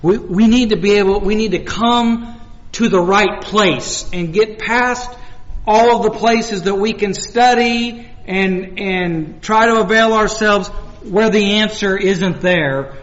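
A man preaching a sermon in a chatty, storytelling way, often restarting his sentences and acting out short conversations. His voice sits a bit high. It echoes through a large hall and comes across slightly muffled. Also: slow pace, a bit bright. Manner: conversational, with repeated restarts and acted-out dialogue. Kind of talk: sermon with personal stories.

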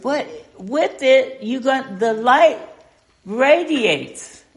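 A woman's voice: high-pitched, animated, very slow. An older woman leading an informal Bible study, talking in a folksy, conversational way and asking the group questions.

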